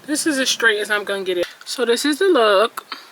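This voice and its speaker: A woman's voice: on the high side, expressive, a little fast, fairly bright tone, low-quality recording. A young woman, chatting casually and venting candidly to her viewers while doing her makeup at home. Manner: candid, venting, self-mocking, exclamatory. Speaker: beauty vlogger. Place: indoors at home, near a ring light.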